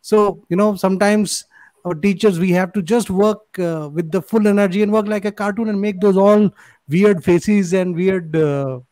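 A man's voice: high-pitched, moderate pace, darkish tone, no room sound. A man hosting over a video call, earnest, repeating phrases for emphasis. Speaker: host. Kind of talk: casual chat.

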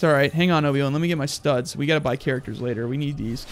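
A young man giving loud, crude, excitable commentary while playing a video game. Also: fairly high pitch, racing, hardly any pauses, soft background music. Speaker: gaming YouTuber. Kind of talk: let's play commentary.

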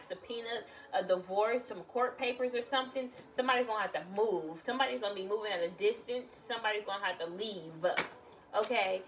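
A woman's voice: on the high side, fairly bright tone, distant mic. Blunt swearing woman reading tarot. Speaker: tarot reader. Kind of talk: casual tarot reading to camera.

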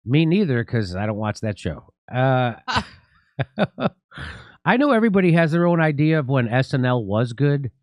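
A middle-aged man hosts a political talk show in a sarcastic, mocking tone. His deadpan jokes land in a dry, close studio sound with no room echo. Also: medium pitch, unhurried, long pauses. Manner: mocking, deadpan jokes, laughs at own lines. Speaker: host.

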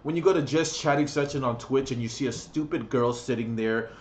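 A man's voice: medium pitch, a little fast, slight background noise. A man ranting on his vlog, crude and profane, blunt and mocking. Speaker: vlogger.

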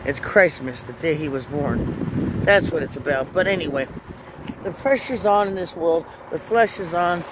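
A woman's voice: deep voice, moderate pace, very noisy. A woman giving an emotional faith testimony in a personal vlog, speaking earnestly and building into urgent rhetorical questions. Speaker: Christian vlogger. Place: in or beside a parked truck outdoors.

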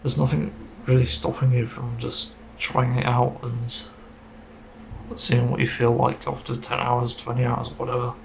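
A man's voice: mid-range voice, little pitch movement, unhurried, creaky, slight background noise, poor audio. A man giving a casual, rambling opinion monologue about a game, getting frustrated and swearing casually. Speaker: gaming video creator.

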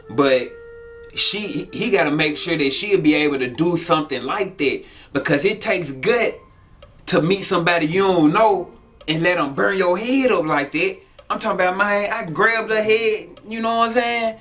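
A man hosting his own channel, telling a story in casual slang and acting out the quotes in a raised voice. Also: a little high. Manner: animated, acts out quotes in a raised voice, profane slang. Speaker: channel host.

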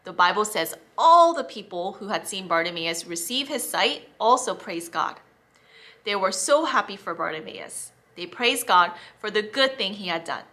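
A woman teaching children, reading a Bible story in an expressive, animated way. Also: medium pitch, moderate pace.

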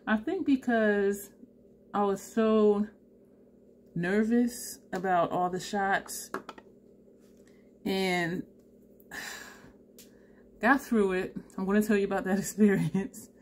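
A woman's voice: medium pitch, steady tone, slow pace, pauses often, a little hiss or hum. A tired woman, telling a story to camera in a chatty way, laughing often and acting out both sides of the conversation. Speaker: beauty vlogger.

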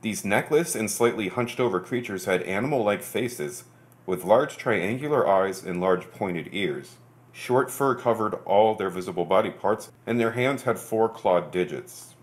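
A man hosting a podcast, reading articles aloud in a steady, measured way and breaking off for quick low asides.

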